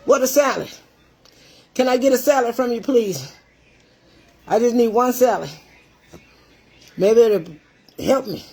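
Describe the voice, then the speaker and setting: A woman's voice: a little high, animated, a little slow, long pauses, warm tone, slightly rough. An older woman hosting a casual livestream, out of breath and greeting her viewers by name. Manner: chatty, greets commenters by name. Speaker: livestream cooking show host.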